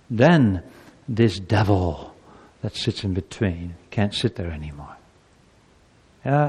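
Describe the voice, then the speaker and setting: A male preacher delivers a sermon with lively, swooping intonation. He keeps acting out short exchanges between people. His voice carries a long reverb, as if from a large hall. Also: on the low side, breathy edge. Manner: animated, acts out quoted speech. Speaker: pastor.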